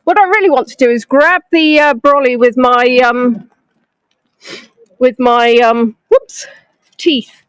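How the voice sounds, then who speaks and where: A virtual tour guide leads a live-streamed walking tour on a snowy town street, chatting and greeting viewers by name, filmed on a phone on a gimbal held close to her face. Her high-pitched voice is steady and clean, and she takes it slowly with frequent pauses. There's no room sound, though the audio is poor.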